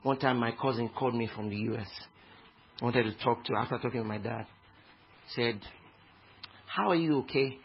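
A Nigerian man preaching a sermon with passion, swinging from hushed tones to shouts. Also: mid-range voice, steady tone, a little fast, long pauses. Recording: dull lo-fi recording with faint noise.

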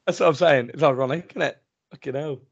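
A man's voice: quick pace, creaky, dry recording. A man, co-hosting a podcast and telling sweary stories in casual chat. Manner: sweary storyteller, mimics others in high voices. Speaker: podcast co-host. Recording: dry muffled podcast mic.

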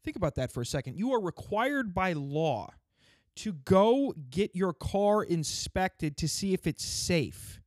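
With a high, sing-song voice and an unhurried delivery, a man rants in stand-up fashion, angry, sarcastic, and cursing, about the state where he lives. It's studio-quality audio with no echo.

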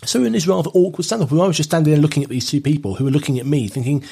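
A man's voice: fairly high pitch, rapid-fire, vocal fry, dark tone, breathy edge. A man in casual chat, telling a dry, wry anecdote with hesitant restarts.

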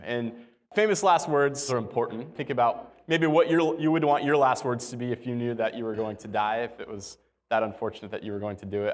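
A man preaching a sermon in a relaxed, conversational way, with light humor and slow, deliberate reading of quotes. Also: mid-range voice. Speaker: pastor.

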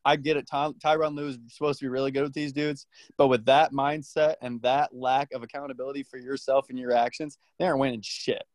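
A man's voice: mid-range voice, little pitch movement, a little fast, no echo. A man co-hosts a sports podcast, firing off blunt, angry hot takes laced with profanity. His voice sits in an average range and sounds dry and close, with no room around it. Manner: blunt, ranting hot takes with heavy swearing. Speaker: podcast co-host. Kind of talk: casual sports podcast banter.

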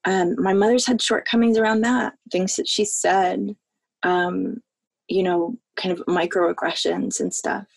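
A woman from the American South, a podcast guest recounting a childhood memory in a halting, heartfelt way. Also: mid-range voice, fairly even intonation, gravelly, slightly rough, dry recording. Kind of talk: personal storytelling in a podcast interview.

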